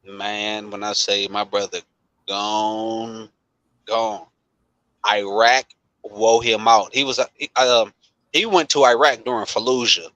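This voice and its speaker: A man from Long Beach tells a story in relaxed, emphatic chat and drives points home with repetition. His tone is bright and forceful. The sound is dry and close, with no room echo. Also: fairly low pitch, normal speed. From Long Beach, California.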